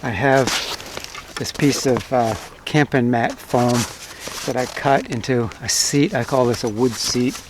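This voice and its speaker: A man hosting a bushcraft channel, giving a relaxed, plain-spoken gear review and listing items one by one. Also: mid-range voice, measured pace, noisy background. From United States.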